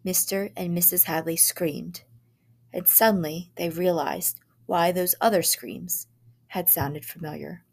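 A woman teacher reading a short story aloud in a measured, dramatic way. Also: fairly low pitch, fairly even intonation, vocal fry.

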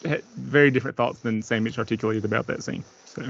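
A man's voice: medium pitch, steady tone, fast, creaky. A man co-hosting a casual movie podcast, rambling and laughing often as he talks. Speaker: podcast co-host. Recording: dry, muffled lo-fi sound.

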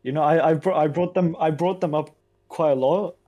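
A young man co-hosting a podcast, talking in casual chat in a hesitant, halting way. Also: on the high side, fairly even intonation, mellow. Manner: hesitant, halting, many restarts. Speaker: podcast co-host.

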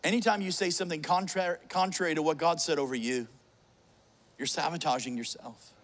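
A man's voice: on the high side, brisk. A middle-aged man preaching a sermon, telling a funny personal story with jokes and many restarts. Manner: joking, storytelling, frequent restarts.

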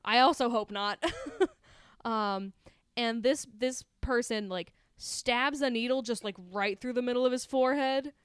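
A woman's voice: a little high, a little slow, clear, resonant tone, no room sound, studio quality. A woman co-hosting a horror movie podcast, recapping a film in casual, laughing chat full of fillers and swearing. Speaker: podcast co-host.

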